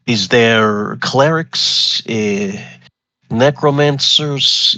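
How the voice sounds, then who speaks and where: A man's voice: on the low side, pushed and bright, no room sound, lo-fi sound, full character voice. A man playing a stiff, formal holy adventurer. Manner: slow, formal, old-fashioned phrasing.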